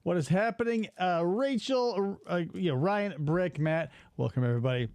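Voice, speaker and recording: A man in his forties hosting a casual podcast, ranting in an exasperated, animated way and swearing freely. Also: high-pitched, moderate pace, smooth, dry recording. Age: 40s. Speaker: podcast host.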